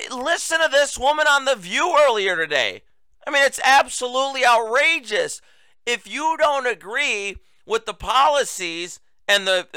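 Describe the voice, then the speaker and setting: High-pitched, bright-voiced talk host. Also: male voice, clean tone, dry recording. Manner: sarcastic, mocking, emphatic. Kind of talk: political commentary monologue.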